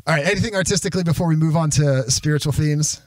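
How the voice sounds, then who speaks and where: A man's voice: fairly high pitch, fast, no room sound, studio quality. A man hosting a podcast in a casual conversational interview, enthusiastically talking through music and counting out beats. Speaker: podcast host.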